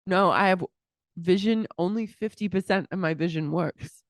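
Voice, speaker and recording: A woman with a fairly low voice co-hosts a podcast, casually recapping a reality show and animatedly acting out the cast's quotes. She speaks at a moderate pace in a studio-quality recording with no room sound.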